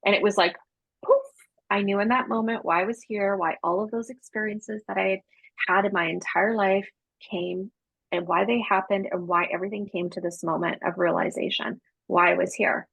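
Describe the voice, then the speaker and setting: A woman's voice: mid-range voice, fairly even intonation, normal speed, creaky, a bit bright, slightly rough, dry recording, rough recording. A woman guest telling a story in a casual interview, chatty and slangy, acting out the dialogue. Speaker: podcast guest, psychic medium.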